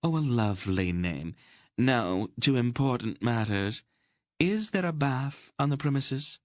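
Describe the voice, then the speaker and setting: A brisk noblewoman, as a man puts her on, sharp and motherly, handing out orders with a dry tease in a lively, swinging voice. The sound is close and dry, like a storybook read straight into the mic. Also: medium pitch, dry recording, pitched above the performer's own voice, close to an everyday voice.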